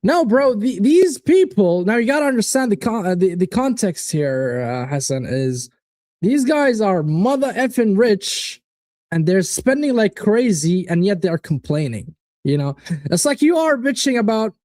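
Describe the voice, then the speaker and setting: A man's voice: sits high, normal speed, dry recording. A man hosting a live football watchalong, chatting casually, swearing and reacting to viewers' predictions. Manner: animated, swearing, reads out chat predictions. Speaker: watchalong host.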